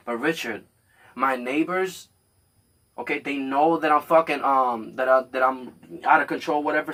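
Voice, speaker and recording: A man hosting a podcast, telling a story in casual chat, animated and profane, acting out both sides of a quarrel. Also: medium pitch, normal speed. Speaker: podcast host.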